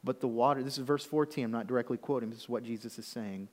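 A man's voice: medium pitch, fast, darkish tone. A man preaching a sermon as pastor, talking conversationally and checking in with the congregation often. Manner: conversational preaching with frequent "okay?" check-ins. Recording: long hall reverb.

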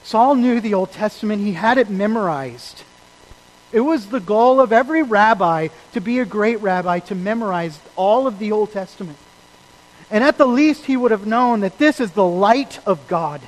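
High-voiced emphatic male preacher. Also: animated, normal speed, poor audio. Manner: emphatic, swings between loud and quiet; asks the congregation questions. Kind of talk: sermon. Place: church service.

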